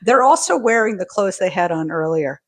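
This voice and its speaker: A woman's voice: fairly low pitch, lively intonation, fairly quick. A woman co-hosting a podcast in casual chat, wry and reading out her own notes. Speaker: podcast co-host.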